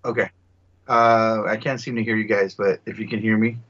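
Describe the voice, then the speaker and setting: A man's voice: fairly low pitch, flat delivery, moderate pace, fairly bright tone, highs cut off. A man on a video call, unsure whether the others can hear him. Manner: confused, repeating checks. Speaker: podcast co-host. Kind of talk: casual chat over a video call.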